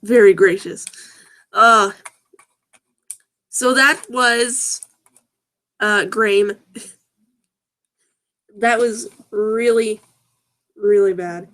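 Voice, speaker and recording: A woman's voice: mid-range voice, extremely slow, pauses often, fairly bright tone. A woman hosting a video, reading awkward fan fiction and comments aloud in a casual comic way, often laughing and sounding puzzled as she stumbles over the text. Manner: giggly, breaks into laughter while reading.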